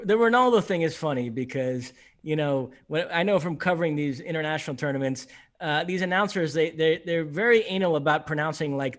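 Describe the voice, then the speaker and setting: A man co-hosting a casual podcast, talking in a relaxed, conversational way. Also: fairly high pitch. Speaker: podcast co-host.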